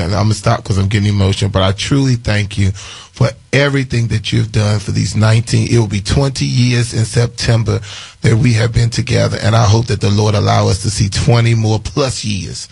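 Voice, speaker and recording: A man's voice: on the low side, steady tone, a little fast, gravelly, a little mellow, slightly rough. A man hosting a morning radio call-in show, effusive and full of thanks, repeating names as he talks. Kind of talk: casual call-in radio chat.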